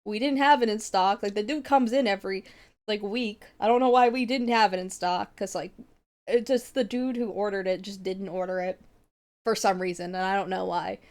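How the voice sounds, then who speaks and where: Young woman, streamer, casual chat, rambling, swears a lot, laughs often, mid pitch. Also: fairly even intonation, normal speed, darkish tone.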